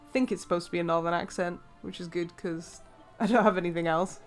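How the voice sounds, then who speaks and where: A woman's voice: fairly low pitch, steady tone, fast, few pauses, faint music behind. An English woman giving casual, rambling commentary while playing a video game. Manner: chatty, rambling, many fillers and laughs. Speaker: let's play host.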